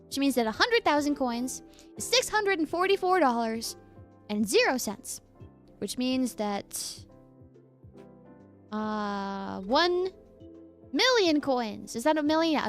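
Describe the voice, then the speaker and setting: A young adult woman streamer chatting casually with her live chat, playful and laughing often as she reads messages aloud. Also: high voice.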